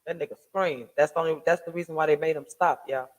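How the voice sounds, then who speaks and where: A man with a fairly high voice hosts a casual commentary vlog from a home desk mic. He rants in slangy, profane street talk, firing off rhetorical questions. He stumbles into frequent restarts as he talks. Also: fairly even intonation, fast. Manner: emphatic, ranting rhetorical questions. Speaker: online commentary host. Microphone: home desk mic with soundboard.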